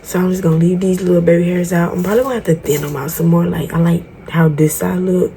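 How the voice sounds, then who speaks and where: A woman's voice: fairly low pitch, steady tone, fast talker, dark tone, slight background noise. A woman vlogging a tutorial in casual chat, talking straight to her viewers, frank, exasperated and swearing freely. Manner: chatty, talks straight to viewers. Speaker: beauty vlogger.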